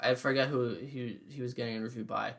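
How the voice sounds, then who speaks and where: A man's voice: medium pitch, steady tone, brisk, gravelly, a bit bright. A young man co-hosting a podcast, crude and joking as he tells anecdotes. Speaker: podcast co-host. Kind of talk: casual chat.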